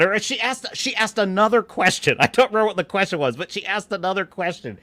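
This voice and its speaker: A man's voice: sits high, animated, normal speed, pushed and bright, no room sound. A man hosting a live-stream commentary show, mocking what he quotes, laughing often and acting out lines of dialogue. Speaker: host.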